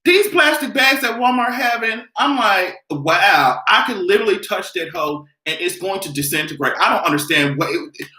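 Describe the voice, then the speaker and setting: A man on a live stream, ranting loudly and animatedly with lots of profanity. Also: high-pitched, lively intonation, normal speed, reverberant. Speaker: vlogger.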